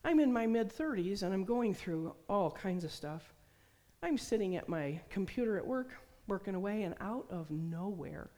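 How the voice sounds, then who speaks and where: Preaching with expressive, mellow warmth at normal speed, a middle-aged woman in the mid range tells stories and acts out the voices of those she quotes. Long hall reverb fills the recording.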